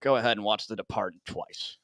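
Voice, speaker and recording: A man's voice: on the low side, brisk, fairly bright tone, no echo. A man from Northern Illinois, in his thirties, co-hosting a podcast with casual, profane, self-mocking jokes. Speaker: podcast co-host.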